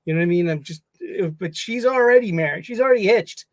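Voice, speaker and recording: A man's voice: high-pitched, lively intonation, fast talker, no room sound. A man hosting his own casual solo livestream from a home studio, playful and jokey, chatting to the stuffed animals around him. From United States. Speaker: livestream host.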